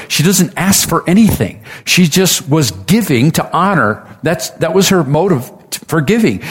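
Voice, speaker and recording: A man's voice: a little high, husky. A man preaching a sermon, retelling a story with casual asides and acted-out quotes.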